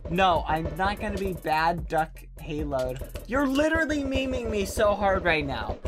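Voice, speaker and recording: A woman's voice: mid-range voice, lively intonation, normal speed, close to an everyday voice. A woman playing an exasperated young male gaming streamer who scolds his chat during a live stream. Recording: background music.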